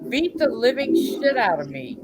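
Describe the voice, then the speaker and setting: Woman telling a rambling story over loud music. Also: a little high, big pitch swings, normal speed, low-quality recording. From Pennsylvania. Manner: rambling storyteller who acts out quotes. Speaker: guest on a live stream panel. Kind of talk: casual chat.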